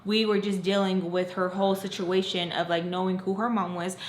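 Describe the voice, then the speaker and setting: A woman vlogger tells a dramatic storytime tale, rambling and emotional and packed with "like." Her mid-range voice keeps a level tone at moderate pace, and the room is echoey.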